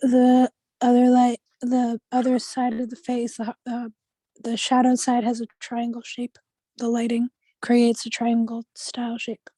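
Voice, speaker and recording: A young woman talks in a flat, mellow monotone, her throat sore and strained. She sounds close and dry over a video call as she chats with classmates. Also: on the high side, unhurried, dry recording. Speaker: student. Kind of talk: casual group call chat.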